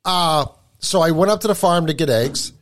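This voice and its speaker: A man's voice: on the high side, normal speed. Easygoing man hosting a casual chat. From New England. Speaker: podcast host.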